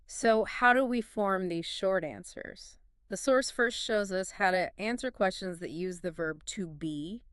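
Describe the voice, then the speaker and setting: A woman co-hosting a scripted English lesson, clearly modelling phrases for learners to practise. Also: mid-range voice, measured pace, no echo, studio quality. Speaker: English teacher co-host. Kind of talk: scripted language lesson dialogue.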